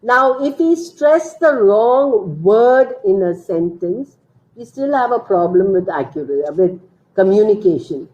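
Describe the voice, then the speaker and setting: A woman with an Indian English accent giving an online teacher training lecture, explaining slowly, stressing key words and quizzing her listeners. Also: medium pitch, lively intonation, a little mellow. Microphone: computer mic on a video call. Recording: dull lo-fi video call audio.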